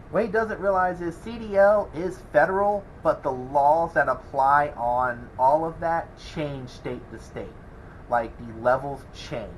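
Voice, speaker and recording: With poor audio and slight background noise, a medium-pitched welding channel host rambles casually to the camera. He sounds exasperated yet keeps chuckling as he deals with a troll.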